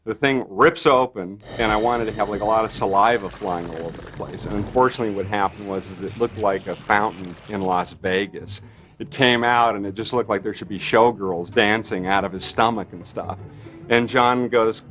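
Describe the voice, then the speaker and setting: A man with a fairly low voice tells a behind-the-scenes story in an interview. He is animated and keeps slipping in fillers. Soft music runs underneath. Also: moderate pace. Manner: animated storyteller, acts out quotes with many fillers. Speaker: makeup effects artist. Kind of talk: anecdotal interview.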